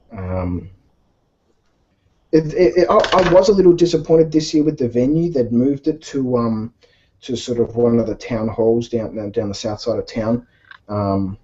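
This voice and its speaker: Brief: easygoing man, mellow tone, chatty and rambling, dull lo-fi recording. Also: mid-range voice. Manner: rambling, many fillers and restarts. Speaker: podcast co-host. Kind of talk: casual chat while painting miniatures. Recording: dull lo-fi sound.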